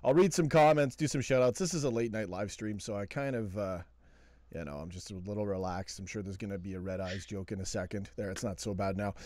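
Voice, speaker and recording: A man's voice: on the low side, quick pace, darkish tone, no room sound. A man hosting a live call-in fan show, chatting casually and laughing often at his desk at home. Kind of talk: casual late-night live stream chat.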